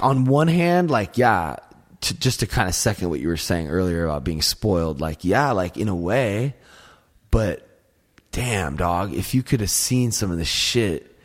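A man with a husky, slightly low voice tells long, meandering stories in relaxed conversation. He swears freely and leans on "like" constantly, drifting from one tangent to the next. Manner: rambling, profane storytelling, heavy use of "like". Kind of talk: casual chat.

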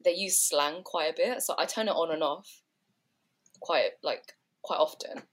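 A woman's voice: low voice, measured pace. A woman with a South London accent, telling stories in a casual podcast chat. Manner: animated storytelling. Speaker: podcast co-host.

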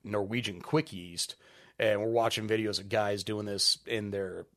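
A man who owns a brewery, talking casually as a podcast guest, relaxed and rambling with lots of filler ums. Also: lowish voice, measured pace. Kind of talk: casual interview chat.

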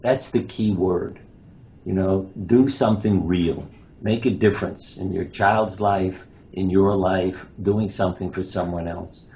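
A very deep-voiced man tells anecdotes as an interview guest, slipping into the voices of the people in his stories. The sound is dull and lo-fi, with a faint hiss behind him. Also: fairly even intonation, a little slow, warm tone. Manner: anecdotal, acts out quoted lines. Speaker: guest, pediatric surgeon and author. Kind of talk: interview storytelling.

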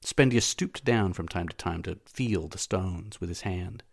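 Audiobook narrator, male, lower register, measured and steady delivery. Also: vocal fry. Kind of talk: audiobook narration of a classic novel.

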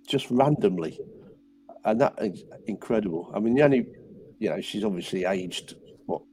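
A man's voice: on the low side, mellow, low-quality recording. A man, calling in to a radio show and telling a rambling, hesitant story. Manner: rambling, hesitant, repeats himself. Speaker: radio caller. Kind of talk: casual chat.

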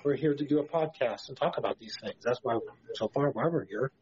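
A man's voice: mid-range voice, fairly quick, darkish tone. A tired man co-hosting a Christian podcast, rambling and stammering as he preaches in casual talk. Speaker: podcast co-host. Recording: dull lo-fi podcast audio.

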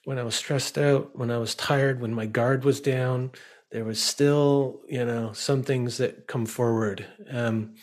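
A man's voice: medium pitch, fairly even intonation, a little slow, a little mellow. A man talking candidly and reflectively in a conversation, searching for words with fillers and restarts.

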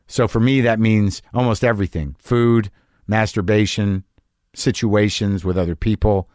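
A man's voice: fairly low pitch, moderate pace, darkish tone, no echo, clean studio sound. Worked-up, profane man telling a story. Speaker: podcast host. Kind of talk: monologue storytelling.

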